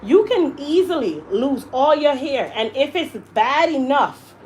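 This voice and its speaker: A woman hairstylist, a touch high in pitch, tells a story while she works in her salon. She talks in a casual, animated way and throws weight on her words. Faint room noise sits behind her voice. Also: a little slow, low-quality recording. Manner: animated, emphatic storyteller who acts out quotes. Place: hair salon.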